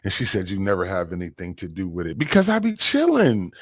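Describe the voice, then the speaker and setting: Slangy, animated man telling a story. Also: normal speed, hardly any pauses, no echo, clean studio sound. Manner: slangy, animated, rises high when excited. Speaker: livestream host. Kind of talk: casual storytelling on a livestream.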